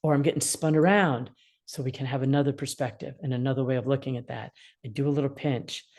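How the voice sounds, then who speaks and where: A woman's voice: a bass voice, fast. A woman in her sixties, an attorney mediator, explaining parenting advice and acting out what upset teens feel. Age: 60s. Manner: animated, acts out quoted feelings.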